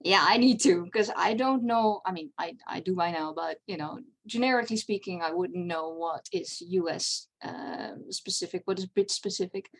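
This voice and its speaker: A woman's voice: on the low side, normal speed, hardly any pauses. A woman, a non-native English speaker, giving a chatty convention panel talk on writing, with many fillers and restarts. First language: not English. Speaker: panel presenter.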